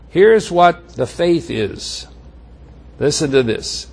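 A man preaching a sermon, teaching through a Bible passage and acting out its characters with big swings in pitch and loudness. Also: sing-song, takes it slowly, vocal fry, husky.

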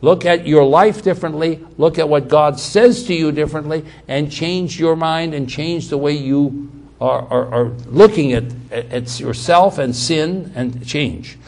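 A man with a slightly high voice preaches a sermon at a somewhat slow pace. He repeats key words for emphasis, restarts sentences, and swings between loud, emphatic passages and quiet asides.

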